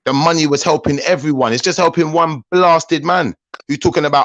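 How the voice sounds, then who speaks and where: A man's voice: on the high side, lively intonation, brisk, no echo. A man, ranting angrily on a discussion panel, swearing freely. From Jamaican heritage, raised in UK. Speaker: panel host.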